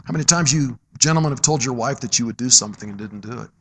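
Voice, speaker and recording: A middle-aged man preaching a sermon, moving between loud, emphatic exhortation and low, quiet storytelling. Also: quick pace, a little hiss or hum.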